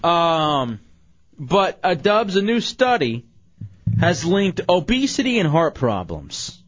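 A man's voice: fairly high pitch, very animated, takes it slowly, dry recording. A man hosting an evening radio show, bantering, joking and reading news and ad copy. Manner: joking, reads ads and headlines. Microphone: studio microphone. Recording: dull, dry lo-fi radio sound.

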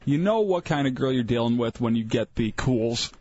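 A man's voice: mid-range voice, animated, normal speed, darkish tone. A man co-hosting a casual talk radio show, trading crude jokes and laughing often. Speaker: radio co-host. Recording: dry lo-fi radio broadcast.

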